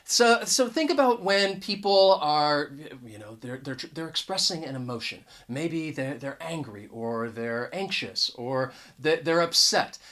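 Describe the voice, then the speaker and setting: With an expressive, mid-range voice that's a little slow, a bit bright and has few pauses, an English teacher chats through a casual on-camera lesson. Words get restarted often and key ideas are emphasized. Sound comes from the camera mic.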